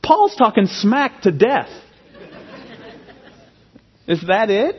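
A man in his thirties preaching a sermon as pastor, emphatic and animated, often restarting his phrases. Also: sits high, slow, pauses often, slightly rough. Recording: dull sound with long hall reverb.

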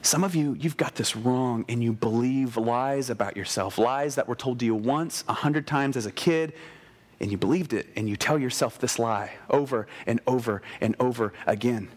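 A middle-aged man preaching a conversational sermon in an animated way, speaking straight to the people in front of him. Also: mid-range voice, moderate pace. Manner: animated, talks straight to the listeners.

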